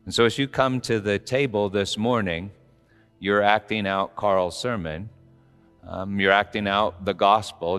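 A man's voice: on the low side, fairly even intonation, measured pace, fairly bright tone, clean tone. A male pastor giving a conversational, explanatory sermon before communion in a church hall. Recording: reverberant hall with faint music.

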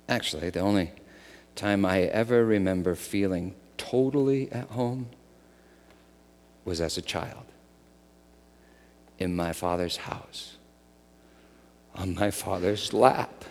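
Storytelling middle-aged pastor in a hall. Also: male voice, fairly low pitch, slow pace, long pauses. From United States. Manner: storytelling, swinging between loud excitement and soft hush. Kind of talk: sermon. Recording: long hall reverb.

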